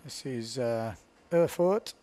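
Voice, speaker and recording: A man's voice: medium pitch, lively intonation, takes it slowly, warm tone. A man commentating live windsurfing, chatty and self-mocking, laughing often as he talks.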